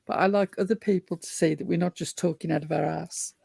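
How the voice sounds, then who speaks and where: A woman's voice: lowish voice, steady tone, brisk, creaky, warm tone, slightly rough, no room sound. A woman talking in a casual online panel chat, articulate and amused.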